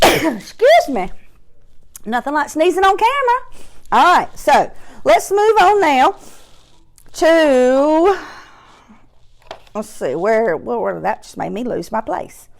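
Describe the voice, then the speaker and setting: With a very animated, high voice, a woman walks young kids through a phonics lesson, stretching words into slow, clearly separated sounds and offering encouragement.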